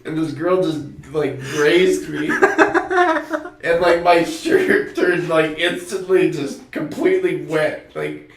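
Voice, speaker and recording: A man's voice: a little high, sing-song, slow pace. A young man co-hosting a casual podcast, telling stories with lots of fillers and laughter. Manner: laughing storyteller, many fillers. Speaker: podcast co-host. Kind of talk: casual chat. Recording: echoey room with crowd noise.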